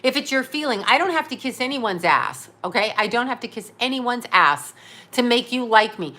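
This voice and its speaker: A middle-aged woman talks straight to camera in a blunt, foul-mouthed rant that wanders from point to point. She keeps cracking herself up along the way. Her voice sits a little high and rings very bright. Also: animated, normal speed. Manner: crude, rambling, laughing at her own jokes. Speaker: vlogger. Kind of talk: blunt profane monologue.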